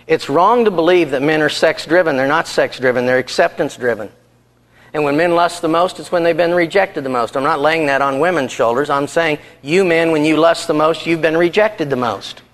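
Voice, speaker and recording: A man preaching a sermon on marriage, earnest and storytelling, animated in delivery. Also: on the high side, brisk.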